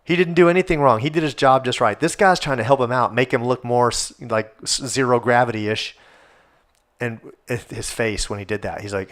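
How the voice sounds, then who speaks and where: A man's voice: mid-range voice, a little fast. A man hosting a casual solo podcast, rambling and swearing as he gets worked up. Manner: rambling, profane, animated. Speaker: podcast host.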